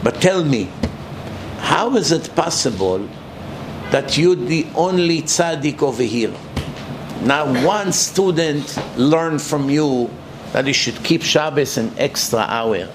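Figure: elderly male rabbi , put on by a man. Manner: soft, coaxing, warm questions. Pitch: a touch high. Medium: story told in a sermon. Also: expressive, takes it slowly, background noise.

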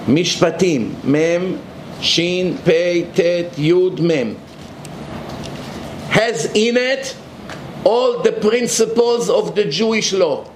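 A man's voice: sits high, extremely slow, roomy sound, a little hiss or hum. A man giving a religious lecture, emphatic and full of rhetorical questions.

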